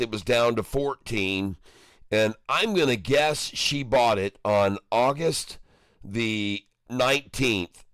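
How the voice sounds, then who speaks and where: A man's voice: medium pitch, fairly bright tone, clear, resonant tone, dry recording, clean studio sound. A man hosting a casual livestream, chatting jovially with viewers and reading their comments aloud, laughing often. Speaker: stock market livestream host.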